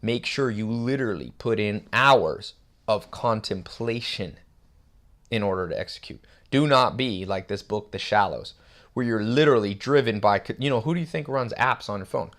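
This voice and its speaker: Low-voiced man giving rambling motivational talk. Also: lively intonation, normal speed, fairly bright tone. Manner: rambling, conversational, emphatic bursts. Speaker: self-help host. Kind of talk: casual motivational monologue.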